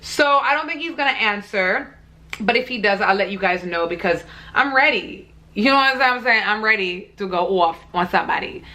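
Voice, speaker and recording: A woman's voice: medium pitch, expressive, moderate pace, bright, forceful tone. A young woman vlogger ranting to camera in a blunt, heated, profane way. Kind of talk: casual vlog rant.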